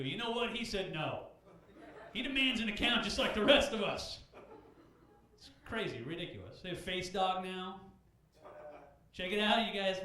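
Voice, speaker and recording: A man performing stand-up on a club stage, his voice swinging widely up and down. He sits a little high for a man, and the room rings with strong echo. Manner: animated, shouts high-pitched bits for characters. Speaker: open mic comedian. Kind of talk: stand-up comedy set.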